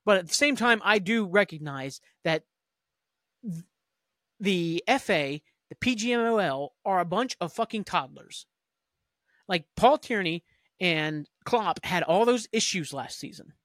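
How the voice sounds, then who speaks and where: A man's voice: high-pitched, animated, fairly bright tone, dry recording, clean studio sound. A man hosting a sports talk podcast, ranting angrily and profanely about refereeing. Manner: profane, heated, fast-talking rant. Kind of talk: angry ranting commentary.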